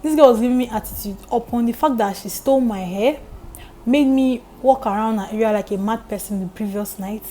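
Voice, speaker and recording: A young Nigerian woman vlogger telling a story in lively, emphatic casual chat. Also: a little high, a little fast, a little hiss or hum, poor audio.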